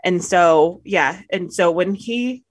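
A woman's voice: fairly low pitch, slow pace, no echo, clean studio sound. A woman co-hosting a casual podcast, telling stories in a rambling way and often correcting herself. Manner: rambling, self-correcting storyteller. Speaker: podcast co-host.

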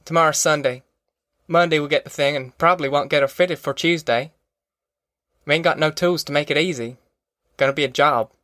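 A man voicing a steady, practical young male farm worker in a rural drawl, in an audiobook. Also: fairly high pitch, brisk, no echo, studio quality.

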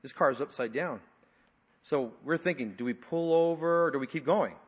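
A man's voice: on the high side, moderate pace, breathy edge. Man preaching in a reverberant hall. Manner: conversational storytelling with frequent fillers, dropping to hushed tones. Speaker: pastor. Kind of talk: sermon. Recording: long reverb of a large hall.

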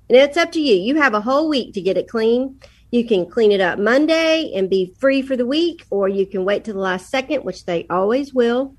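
A woman's voice: fairly high pitch, expressive, a little fast. A middle-aged woman speaking as a podcast guest, giving casual parenting advice and telling stories in which she quotes her children. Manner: storytelling, quotes her kids.

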